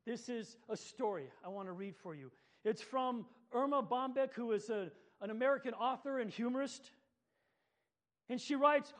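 A man preaching a sermon and reading a story aloud in a gentle, earnest way. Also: very high-pitched, normal speed.

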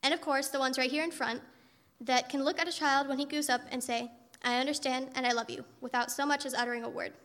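A woman's voice: high voice, steady tone, fast talker, a bit bright, big-room sound. A woman voicing God as a patient, tireless male creator in a story she reads aloud, told in an earnest, fond way.

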